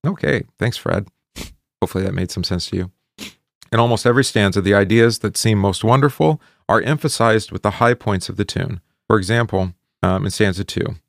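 Low, gravelly man teaching a hymn. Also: a little fast, no echo, studio quality. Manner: conversational, many fillers and asides. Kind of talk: informal hymn study talk.

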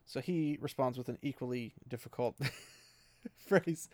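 A man's voice: medium pitch, unhurried, mellow, no room sound. A man casually recapping a fantasy book chapter, rambling with many fillers and small laughs.

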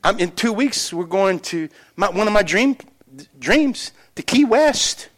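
A middle-aged man preaching a sermon as pastor, telling stories with animated energy and dropping to quiet, earnest emphasis. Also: high-pitched, unhurried. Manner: animated storytelling that shifts between loud excitement and quiet earnest emphasis.

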